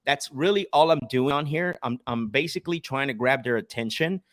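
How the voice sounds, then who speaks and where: A male sales coach leads a live session, making cold calls and breaking them down for viewers. He speaks firmly and assertively at an ordinary pitch, often starting his sentences over. The sound is dry and close, with no room echo. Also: fairly quick, a bit bright. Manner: assertive, teaching tone with frequent restarts.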